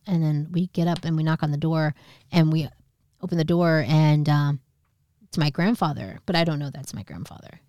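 A woman in her thirties co-hosts a podcast, casually recounting a personal story with candor and swearing, acting out the voices of the people involved. Her voice is low, steady, and darkish, moving a little fast, in a dry, studio-quality recording.

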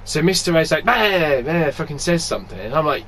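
Man, raised pitch, lively swearing storyteller, chatty podcast guest. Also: fast talker, slight background noise. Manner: animated anecdote telling, swears freely, laughs often. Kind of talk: casual chat.

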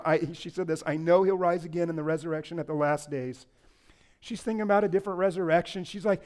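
High-voiced preaching pastor, man. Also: fairly quick. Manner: impassioned preaching, rising loud then dropping soft; playful asides to the congregation. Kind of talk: sermon.

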